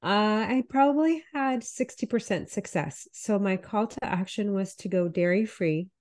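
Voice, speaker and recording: A woman's voice: mid-range voice, moderate pace. Congested nasal woman co-hosting a podcast. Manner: apologetic, relaxed and chatty. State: congested, under the weather. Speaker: health coach, podcast co-host. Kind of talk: casual podcast chat.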